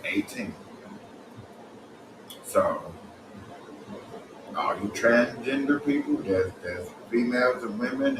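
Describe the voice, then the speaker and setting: A man with a low voice riffs casually and animatedly, repeating himself and laughing as he goes. He sits well back from the mic in an echoey room, and clear noise runs underneath. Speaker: commentator. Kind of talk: casual reaction commentary. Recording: roomy and distant with loud background noise.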